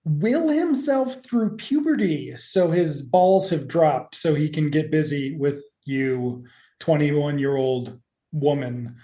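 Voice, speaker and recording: Low mellow-voiced woman chatting on a podcast, swears a lot, roomy echo. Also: slow pace. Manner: profane, jokey, acts out characters' lines. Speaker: podcast co-host. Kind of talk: casual chat recapping a TV episode.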